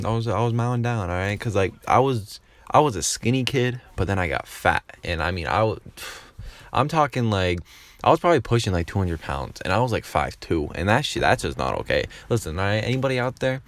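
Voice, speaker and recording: A man telling a rambling, profane story in a casual vlog. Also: mid-range voice. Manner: rambling, profane, lots of filler. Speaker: YouTuber.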